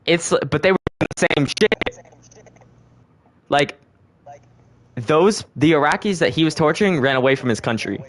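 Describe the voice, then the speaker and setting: A man's voice: fairly high pitch, lively intonation, normal speed, long pauses, background noise. A young man hosting a casual podcast, rambling and swearing freely, often correcting himself as he goes. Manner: rambling, profane, self-correcting. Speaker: podcast host. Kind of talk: casual conspiracy chat.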